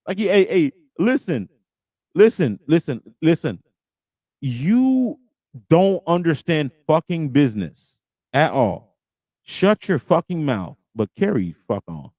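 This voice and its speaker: A man's voice: on the high side, very animated, takes it slowly, darkish tone, no echo. A middle-aged man hosting a podcast, ranting and swearing heavily as he reacts to a clip. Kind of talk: heated reaction commentary.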